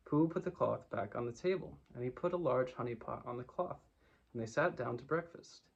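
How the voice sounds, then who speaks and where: A man reading a children's book aloud in a calm storytelling manner. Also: mid-range voice, fairly quick, vocal fry, lo-fi sound. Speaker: narrator.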